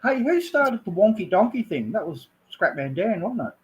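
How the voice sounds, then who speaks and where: A man joining a live video chat, full of crude jokes, with clear noise behind him. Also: high-pitched, very animated, moderate pace, muffled recording. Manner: joking, crude banter. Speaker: livestream guest. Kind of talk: casual chat.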